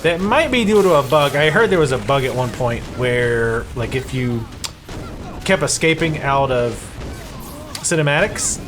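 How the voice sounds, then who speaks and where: A man's voice: mid-range voice, expressive, a little slow, noisy background. A man casually commentating his gameplay, joking and sarcastic and swearing freely. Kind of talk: casual let's-play commentary.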